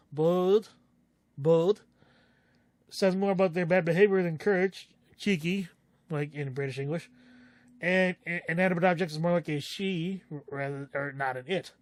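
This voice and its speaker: A male streamer chatting casually, reading text aloud haltingly and correcting himself as he goes. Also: high-pitched, no echo. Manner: musing, reads aloud haltingly, self-correcting. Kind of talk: casual stream chat, reading game dialogue and notes aloud.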